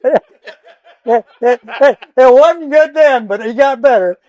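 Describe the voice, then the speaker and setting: An older Midwestern American man spins courtroom stories with a higher voice than most men. He chuckles through his sentences and throws himself into reenacting his own outbursts. The sound is close and dry, with no room around it. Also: takes it slowly, no room sound, highs cut off. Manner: animated storyteller who laughs often and acts out his own shouting. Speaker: retired trial lawyer guest. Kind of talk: casual storytelling interview.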